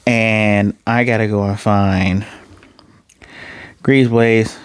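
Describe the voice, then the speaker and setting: Rambling, low-voiced man recapping anime. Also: unhurried, smooth, dry recording, studio quality. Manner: rambling, self-correcting, blunt and profane. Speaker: anime reviewer. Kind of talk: casual recap commentary.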